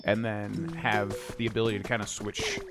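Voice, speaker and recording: A man's voice: lowish voice, wildly swooping pitch, normal speed. Chatty young man streaming a game. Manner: chatty, rambling, hums and scats to himself. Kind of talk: casual gameplay commentary. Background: game music.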